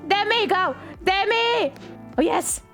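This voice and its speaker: Young woman streamer, high voice, giggly and excitable, light music underneath. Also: takes it slowly. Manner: excitable, laughs often, shrieks at game moments. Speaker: live streamer. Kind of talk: casual chat while playing a game with viewers.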